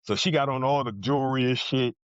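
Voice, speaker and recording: New Jersey man, podcast guest, mid-pitched, blunt and profane, acts out other people's lines; muffled, dry recording. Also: a little fast, fairly bright tone, clean tone, no room sound. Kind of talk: casual storytelling.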